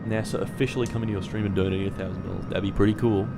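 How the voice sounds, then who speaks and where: A young man commentating his own live game stream, swinging between quiet muttering and loud swearing outbursts. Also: on the low side, steady tone, very fast, vocal fry, heavy background noise.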